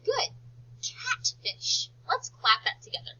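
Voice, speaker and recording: A woman teacher leading a slow phonics lesson for young children, stretching out words for them to repeat and praising them often. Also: fairly high pitch, sing-song, sharp tone, muffled recording, slight background noise. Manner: slow, drawn-out word modelling and encouraging praise.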